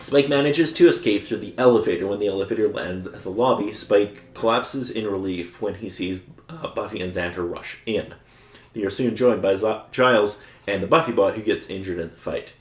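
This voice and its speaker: A man's voice: lowish voice, moderate pace. Chuckling man recapping plots, roomy echo. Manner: chuckles often while recapping. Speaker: podcast co-host recapping episodes. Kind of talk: casual chat, recapping a plot.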